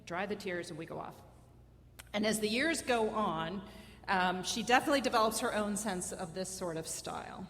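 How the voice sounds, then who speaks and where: A woman's voice: medium pitch, moderate pace, fairly bright tone, in a large hall. Wry woman telling a story on stage. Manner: conversational, wry and self-mocking. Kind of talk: live personal storytelling on stage. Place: stage at a live storytelling event.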